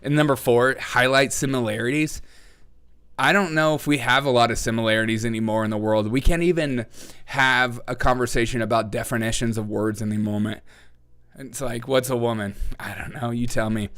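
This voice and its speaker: A man's voice: medium pitch, fairly even intonation, fairly quick, a bit bright, clear, resonant tone. A man hosting his own show, giving sarcastic political commentary, laughing often and mocking his opponents. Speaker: host.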